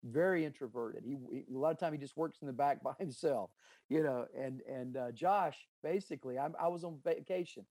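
Earnest middle-aged businessman, mellow voice. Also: medium pitch, fairly quick, dry recording. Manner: earnest, emphatic, anecdotal with quoted dialogue. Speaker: business owner and author. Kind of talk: interview, storytelling about leadership.

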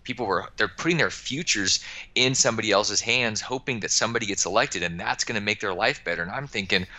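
A man's voice: on the low side, fast, pushed and bright. A man being interviewed on a podcast, talking about money in an emphatic, motivational way with frequent word repeats. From United States. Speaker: guest, financial advisor.

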